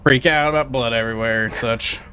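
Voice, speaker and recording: A man's voice: mid-range voice, steady tone, a little fast, bright, forceful tone, natural voice. A man playing a brash, bossy male prison guard in a tabletop game. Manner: bossy, blustering.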